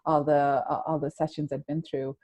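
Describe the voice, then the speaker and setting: Low-voiced woman telling a personal story. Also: level tone, normal speed, darkish tone. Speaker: guest. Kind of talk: personal storytelling in a podcast interview.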